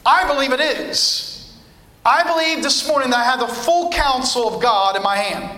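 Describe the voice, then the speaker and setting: Brief: male pastor, very high and bright voice, emphatic repeating preacher cadence, echoey church sound. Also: moderate pace. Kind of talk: sermon.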